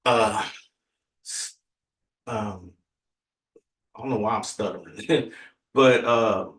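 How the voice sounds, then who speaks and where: A man's voice: lowish voice, slow pace, fairly bright tone. A man from Texas, hosting a casual livestream chat in a laid-back, rambling way with many fillers. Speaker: livestream host. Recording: roomy, distant from the mic.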